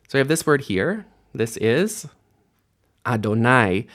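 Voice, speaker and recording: A man teaching an online language lesson in a casual, friendly way, explaining grammar and repeating words aloud for practice. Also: mid-range voice. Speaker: Hebrew teacher.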